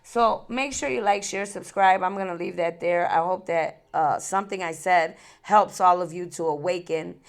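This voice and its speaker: This spiritual channel host has a lowish voice and speaks at a moderate pace with few pauses. In an emotional direct-to-camera vlog, she laughs between thoughts, repeats herself, and comes across both tearful and angry.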